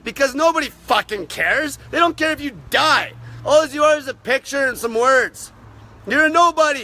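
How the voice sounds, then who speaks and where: A man hosting a live stream, ranting aggressively and swearing constantly, his voice wearing raspy. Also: very high-pitched, bright, forceful tone. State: voice getting raspy from talking. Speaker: fasting channel host.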